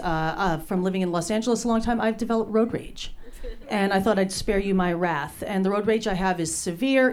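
A woman's voice: medium pitch, clear, resonant tone. A middle-aged woman from New Jersey doing a brash, self-deprecating stand-up comedy set on a club stage.

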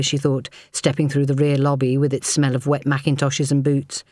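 A woman narrating a novel as an audiobook in a measured, even storytelling manner. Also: extremely low pitch, no echo.

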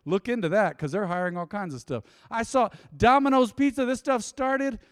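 A high, bright-voiced male pastor preaches with emotion and energy at a normal, smooth pace. He lurches from loud bursts into hushed asides, and his close, dry voice carries a long hall reverb in its wake.

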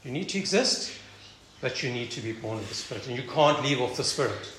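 A man's voice: mid-range voice, lively intonation, a little fast, fairly bright tone. A man teaching a Bible passage in a conversational sermon, thinking aloud and often restarting or repeating words. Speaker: preacher. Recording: echoey room, faint background noise.

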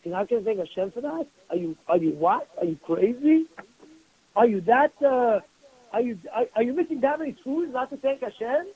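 Husky high-voiced rabbi preaching. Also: male voice, expressive, fairly quick, mellow, rough recording. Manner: emphatic, repetitive rhetorical questions. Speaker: rabbi teaching a weekly class. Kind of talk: Torah class sermon.

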